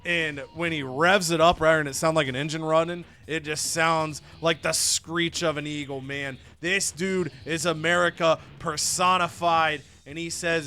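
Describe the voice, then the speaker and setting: A man's voice: fairly high pitch, steady tone, normal speed, hardly any pauses, pushed and bright, clean tone. A young man narrating a wrestling game recap as a let's-play host, storytelling casually and swearing now and then. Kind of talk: animated game recap with put-on voices.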